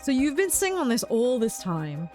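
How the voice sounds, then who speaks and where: A skeptical private detective who questions dryly and doubts every claim, as a woman reads him out from a game. The voice stays lively in pitch despite the flat doubt. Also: normal speed, soft background music. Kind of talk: reading game dialogue aloud.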